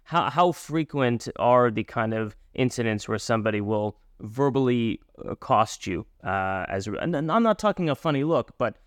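A man's voice: mid-range voice, lively intonation, normal speed, hardly any pauses, dry recording, studio quality. A male interview host from North America asking a guest long questions with frequent restarts.

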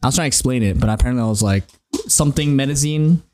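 A man's voice: medium pitch, rapid-fire, darkish tone, a little hiss or hum. A young man co-hosting a casual podcast, rambling through stories and laughing often. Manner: rambling storyteller, laughs a lot. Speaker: podcast co-host.

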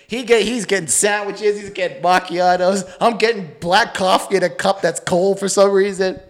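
A man co-hosting a podcast, telling a story in a casual, profane, animated way and laughing often. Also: high-pitched, moderate pace, hardly any pauses. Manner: animated, mimics his friend in a bouncy voice. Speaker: podcast co-host.

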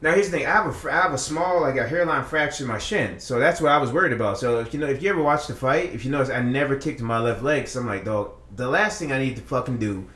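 A man's voice: mid-range voice, fast talker, hardly any pauses, fairly bright tone, reverberant. A man on a casual podcast, telling a long story in a rambling, profane way with many restarts. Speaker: podcast co-host.

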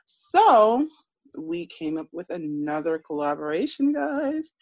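A woman co-hosting a casual podcast, telling stories in an animated, chatty way. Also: fairly low pitch, takes it slowly, no echo, lo-fi sound. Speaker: podcast co-host.

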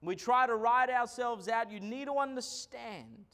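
A man preaching a sermon as pastor, swinging between loud declarations and quiet asides. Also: very high voice, a little slow.

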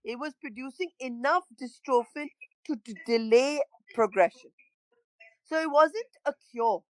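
A middle-aged woman, a parent telling her story in an interview, halting and emotional, often repeating words. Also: sits high, no echo, poor audio. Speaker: parent of a child with a rare illness, interview guest.

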